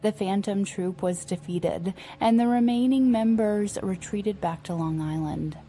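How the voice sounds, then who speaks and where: A woman narrating a romance audiobook in a steady, even storytelling manner. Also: mid-range voice, a little slow, a little hiss or hum. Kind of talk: scripted narration.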